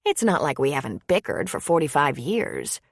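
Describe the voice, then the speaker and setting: A woman's voice: sits low, huge pitch swings, moderate pace, vocal fry, no echo, studio quality, full character voice. Woman voicing a wry, weary older wife.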